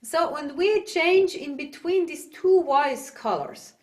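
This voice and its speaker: Swiss German woman, yodel teacher, high voice, slow halting English, loud demo calls. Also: animated. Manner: demonstrates loud yodel calls and dog barks; halting, searches for words. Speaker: yodel instructor. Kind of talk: online singing lesson. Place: home, video call.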